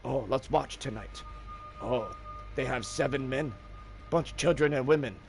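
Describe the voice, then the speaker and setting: A man voicing a tribal man who plots a night raid in a low, hushed, conspiratorial voice. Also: moderate pace, vocal fry, soft background music, lightly acted. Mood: hushed scheming.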